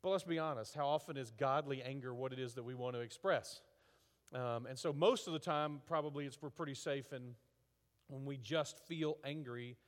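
Male pastor preaching in an echoey hall. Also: medium pitch. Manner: conversational, halting with fillers and restarts; rising to emphatic rhetorical questions. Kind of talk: sermon. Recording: reverberant hall.

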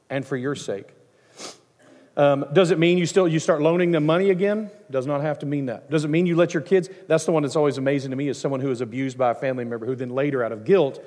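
A middle-aged man, a pastor, preaching a sermon in a conversational, animated way, with asides and acted-out quotes. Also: a little high. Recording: long hall reverb.

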